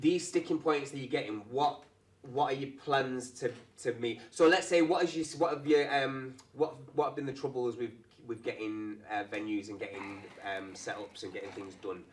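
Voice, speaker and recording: A man's voice: medium pitch, fairly even intonation, normal speed, low-quality recording. A man interviewing guests on a podcast in casual talk, thoughtful, often trailing off and restarting as he frames his questions.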